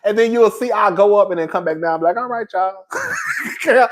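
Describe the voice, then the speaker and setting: A man's voice: high voice, wildly swooping pitch, a little fast, fairly bright tone. A man hosting a casual gossip livestream, sassy and playfully dramatic, laughing often and calling everyone "girl" while he reads the chat. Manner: playfully dramatic, exaggerates for effect.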